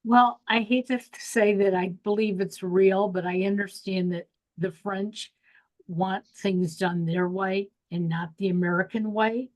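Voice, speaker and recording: Female podcast co-host, slow and deliberate delivery. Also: medium pitch, steady tone, a little mellow, poor audio. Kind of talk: casual podcast chat.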